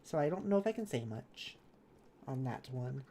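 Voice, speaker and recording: A woman's voice: extremely low pitch, expressive, normal speed, warm tone, slight background noise. A woman streamer in casual live chat while gaming, reading viewers' messages aloud and answering them kindly. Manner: chatty and self-correcting, with laughs.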